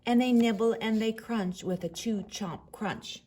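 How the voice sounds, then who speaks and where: A woman reading a picture book aloud to children, expressive, dropping to a hush on the refrains. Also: on the high side, measured pace. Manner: expressive, with hushed whispered refrains. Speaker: storyteller.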